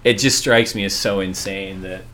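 A man's voice: low-pitched, steady tone, moderate pace, bright, forceful tone, slight background noise. A middle-aged man from Southern California, a surf league executive chatting on a podcast, rambling with many fillers and restarts. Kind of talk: casual podcast chat.

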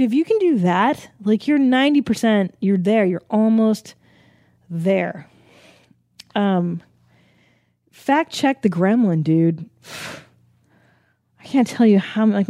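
A woman's voice: mid-range voice, lively intonation, measured pace, vocal fry, long pauses, mellow, no echo, clean studio sound. A woman hosting a podcast in a casual monologue, rambling, swearing freely and laughing often. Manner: rambling, frank and profane, with frequent laughs and fillers. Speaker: podcast host.

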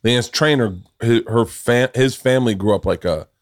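A man hosting a podcast in casual chat, rambling and swearing with quick restarts. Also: medium pitch. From Southern United States. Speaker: podcast host.

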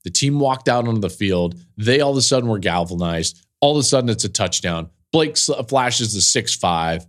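A man, a college football analyst, excitedly breaking down a game in an animated, storytelling way with frequent restarts. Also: fairly low pitch, moderate pace. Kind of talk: casual sports breakdown.

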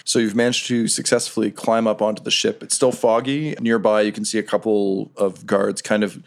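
A man's voice: lowish voice, level tone, moderate pace. A man narrating as game master in a loose, filler-heavy way.

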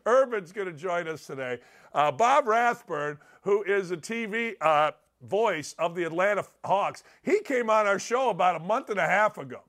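A middle-aged man hosts a sports talk show with a high, reedy voice. He rambles and jokes, jumping between loud outbursts and low muttered asides. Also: animated, normal speed. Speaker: sports radio host. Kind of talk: energetic sports talk monologue.

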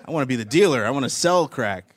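A man's voice: medium pitch, expressive, fast. A man doing a stand-up comedy set on a live stage, telling rambling stories and often laughing at his own jokes.

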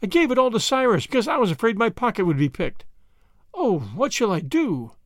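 A man's voice: normal speed, dry recording, clean studio sound. A man voicing a fussy, anxious old grandmother. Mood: panicked. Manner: high, quavering, excitable.

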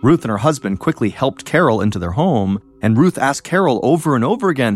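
A man hosting a podcast, telling a true-crime story in a measured, suspenseful scripted narration. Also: medium pitch, big pitch swings, soft background music. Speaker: podcast host.

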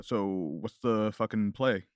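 A man's voice: on the low side, fairly even intonation, a little slow, smooth, no room sound, studio quality, natural voice. A man doing an impression of a brooding young rich heir, mumbling with swagger and heavy swearing.

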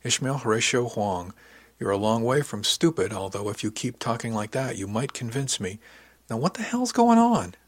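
A man voicing a woman who leads a ship section, gentle but blunt, with a dry sense of humor. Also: on the low side, moderate pace, lightly acted. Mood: caring. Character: female section chief, firm and caring.

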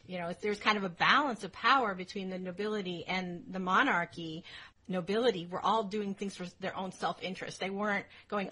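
A woman of medium pitch chatting as a podcast co-host. Her voice is bright with a husky grain, and she chimes in with dry, blunt remarks. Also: brisk. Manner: wry, blunt reactions. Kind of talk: casual history podcast chat.

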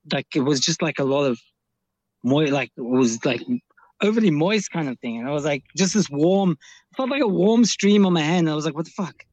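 A man's voice: fairly high pitch, no room sound, muffled recording. A young man calling in, telling a long story in a rambling way with heavy swearing and many restarts. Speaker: caller. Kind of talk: casual storytelling.

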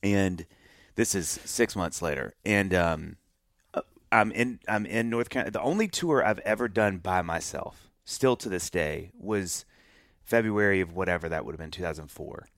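A man telling a story in a casual interview, animated and acting out voices of the people in it. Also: low voice, normal speed, dry recording, clean studio sound. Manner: animated, acts out voices of himself and others in his stories. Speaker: musician telling his love story.

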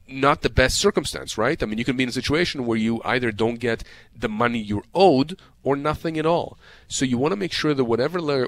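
A man who works as a lawyer, giving advice on a radio show in a passionate, emphatic way and often repeating words. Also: mid-range voice. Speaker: personal injury lawyer as guest. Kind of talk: radio call-in advice talk.

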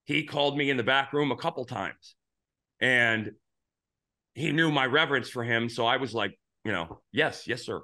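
A man's voice: mid-range voice, normal speed, bright, forceful tone. A middle-aged man hosting a baseball talk show, rambling through stories with many restarts. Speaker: podcast host, former pitcher. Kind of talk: casual sports talk.

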